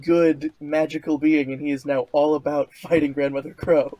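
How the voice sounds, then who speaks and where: Slightly high-voiced male player. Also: flat delivery, mellow, no room sound. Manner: halting, thinking aloud. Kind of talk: casual chat at a tabletop game.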